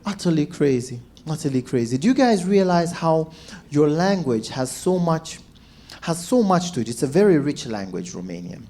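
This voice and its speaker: A man, a stand-up comedian telling stories to a crowd and acting out shouts and quoted voices. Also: fairly high pitch, moderate pace. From Zambia. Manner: animated, acts out shouts and quotes. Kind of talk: stand-up storytelling.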